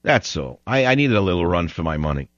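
A man's voice: low-pitched, sing-song, quick pace, a bit bright, dry recording, dull audio. A man hosting a call-in talk radio show, sarcastic, confrontational and mocking toward callers.

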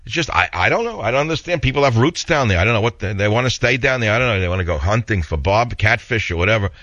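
A man's voice: lowish voice, expressive, fast, a bit bright, no echo, muffled recording. A man with a heavy New York accent hosting a talk radio show, opinionated and rambling in a blunt monologue.

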